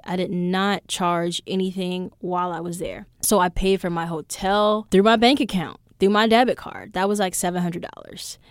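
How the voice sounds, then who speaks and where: A young adult woman hosting a podcast, telling stories in a casual monologue that is animated and full of swearing. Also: on the low side, dry recording, studio quality. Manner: profane, animated storyteller. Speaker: podcast host.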